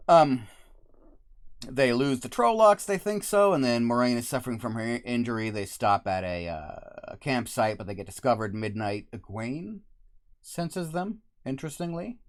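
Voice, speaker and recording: A man casually reviewing a TV show from a room with the window open, rambling and correcting himself as he goes. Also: fairly low pitch. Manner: rambling, self-correcting, upbeat. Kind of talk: casual solo review talk.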